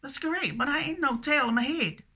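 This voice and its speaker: Nz lady rambling on to camera, super bright sharp voice, stutters and repeats herself a lot. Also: high voice, lively intonation, fairly quick. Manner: repetitive, stammering, keeps saying "that's correct". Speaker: video blogger. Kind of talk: rambling solo monologue to camera.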